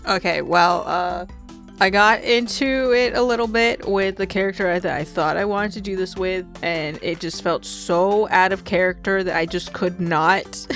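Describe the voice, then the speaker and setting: A woman hosting a casual game playthrough, rambling and giggling often. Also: on the low side. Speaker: let's play host. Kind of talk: casual gameplay commentary.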